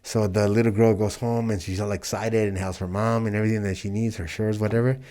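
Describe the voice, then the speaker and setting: A man in his forties with a lowish voice, from El Paso and Juárez, speaks earnestly as a guest in an interview. He tells stories in a casual way and does the voices of the people in them. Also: level tone, fast, mellow. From El Paso, Texas and Juárez, Mexico. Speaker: professional wrestler guest.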